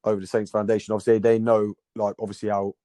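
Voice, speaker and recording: A man's voice: on the low side, level tone, fast, mellow, no room sound. A man, a football captain telling stories in a rambling, slangy way as a podcast guest. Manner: rambling, repeats words, slangy banter. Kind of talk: casual storytelling chat. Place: podcast recording.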